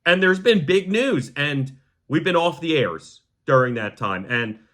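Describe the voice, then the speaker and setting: A young man hosting a podcast, talking to camera in a heartfelt, halting way that sometimes sounds choked up. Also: a little high, expressive, fairly bright tone. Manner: repeats the word "gang" to the audience. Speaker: podcast host. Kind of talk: emotional personal monologue to camera.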